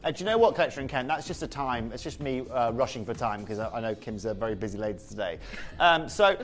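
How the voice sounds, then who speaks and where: A man presenting a live shopping channel show, selling jewellery with energetic, pushy salesman patter. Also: medium pitch, fast talker, faint music behind.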